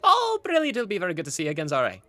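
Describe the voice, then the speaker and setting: Brief: bubbly tavern keeper, high and lively, voiced by a man. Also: fast, no room sound. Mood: cheerful. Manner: bubbly and eager, says "aye" and "brilliant". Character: cheerful, chatty male tavern keeper.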